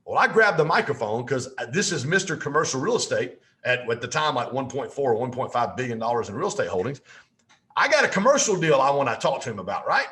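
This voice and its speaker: A man telling a lively story as a podcast guest, with folksy asides. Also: mid-range voice, quick pace.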